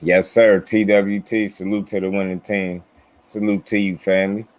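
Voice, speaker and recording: Low, flat-voiced boxing channel host. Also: male voice, no room sound. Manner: laid-back, drawn-out talk with shout-outs to chatters. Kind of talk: casual commentary to viewers.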